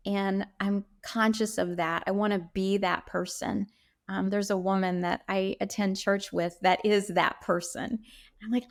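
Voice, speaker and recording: A middle-aged woman giving an earnest, heartfelt faith testimony in an interview, often pausing with "um". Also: medium pitch. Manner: earnest, heartfelt, with frequent "um" pauses. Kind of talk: reflective interview answers.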